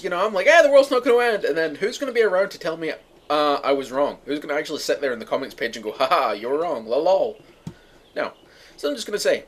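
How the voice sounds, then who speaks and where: A young man from the UK ranting sarcastically to his viewers, profane and exasperated. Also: fairly high pitch. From United Kingdom. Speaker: vlogger. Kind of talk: ranting monologue to camera.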